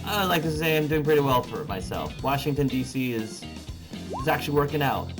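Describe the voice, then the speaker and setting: A man's voice: medium pitch, animated, over music, lightly acted. A man playing a chatty, easygoing young male guitarist in a tabletop role-play, rambling with lots of fillers. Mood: relaxed. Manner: casual, rambling, drawn-out filler words. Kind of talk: tabletop role-play over phone call.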